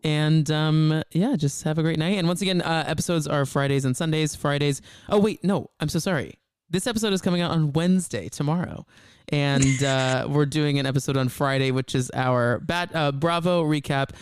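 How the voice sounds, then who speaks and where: A man hosting a podcast in casual chat, talking quickly with lots of "like" fillers. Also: a little high, clear, resonant tone, dry recording, clean studio sound. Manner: quick talk full of "like" fillers. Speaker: podcast host.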